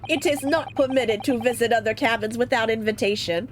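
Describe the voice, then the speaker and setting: A gruff, burly sailor barks curt, clipped lines in broken English, as a woman reads him out. The voice sits high, with a steady hiss under the recording. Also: brisk, natural voice.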